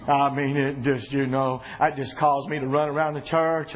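A man preaching a sermon to a congregation in a church, talking casually to the room and breaking into loud shouts. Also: mid-range voice, a little fast, hardly any pauses. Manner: animated, shouting bursts and conversational asides to congregation.

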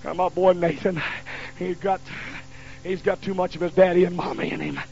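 A man's voice: high voice, steady tone, moderate pace, gravelly, darkish tone. A man, preaching a fiery sermon in a folksy storytelling way in a church. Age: 50s. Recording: lo-fi recording with faint hum.

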